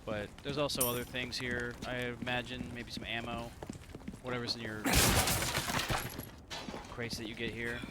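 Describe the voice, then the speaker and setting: A man's voice: medium pitch, little pitch movement, normal speed, pauses often, heavy background noise. Profane rambling male gaming streamer. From Indiana. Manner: rambling, profane, talks to viewers. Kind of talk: casual let's-play commentary.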